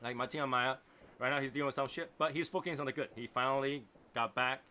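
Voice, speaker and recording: A man hosting a relaxed livestream chat in English with a non-native accent. His voice has a bright, forward ring, and he talks in a rambling, reflective way, often checking in with "right?". Faint room noise sits behind him. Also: mid-range voice, fast talker. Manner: reflective, rambling, repeats phrases and asks "right?". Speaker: host of a cigar livestream. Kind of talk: casual chat reading viewer comments.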